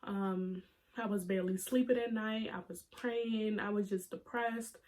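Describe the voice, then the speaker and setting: Young female vlogger in her twenties, mid-pitched, confessional and tearful, full of fillers. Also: steady tone, darkish tone. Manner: emotional, holding back tears; halting, many fillers and restarts. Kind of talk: personal story to camera.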